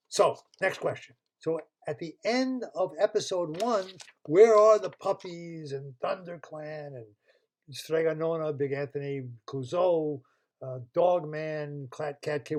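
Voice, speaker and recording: Speaking through a computer mic on a video call, an older man invents a kids' story on the spot. He keeps it chatty and playful, breaking off to pose multiple-choice questions to his audience, and his voice sits on the high side with a darkish tone.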